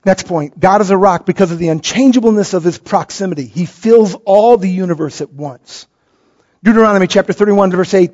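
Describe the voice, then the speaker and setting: On a dull lo-fi recording, a middle-aged pastor preaches a sermon in a high-pitched, mellow voice. He tells stories animatedly, acting out the voices of the people he quotes.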